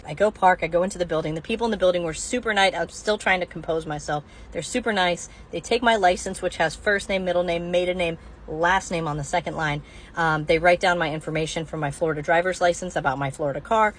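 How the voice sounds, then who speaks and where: A woman's voice: low voice, fast, a little hiss or hum. A woman in her forties, a doctor, telling a personal anecdote to camera in a wry, rambling way.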